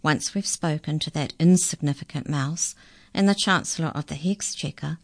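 A woman voicing a smooth-talking scheming pastry cook. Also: deep voice, moderate pace. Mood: wheedling. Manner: smooth, ingratiating.

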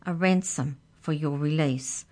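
Storybook girl, bossy and pushy, raised pitch, read by a woman. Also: measured pace, darkish tone. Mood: scheming. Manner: pushy, scornful. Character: bossy bold young girl, scheming.

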